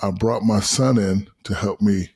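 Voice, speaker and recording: A man in his fifties, a podcast guest, telling animated, profane stories full of quoted asides. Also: lowish voice, measured pace, gravelly, breathy edge, dry recording. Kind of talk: casual storytelling.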